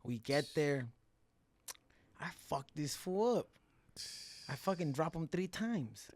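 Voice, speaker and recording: A man telling fight stories in a podcast interview, profane and animated, acting out the quotes in a slangy, casual way. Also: on the high side, takes it slowly, no room sound. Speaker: guest fighter.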